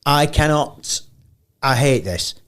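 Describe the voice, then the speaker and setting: A man's voice: mid-range voice, expressive, slow, fairly bright tone, clear, resonant tone. A man with an English accent hosting a podcast in casual chat, wry and rambling, feeling poorly and emotional. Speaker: podcast host.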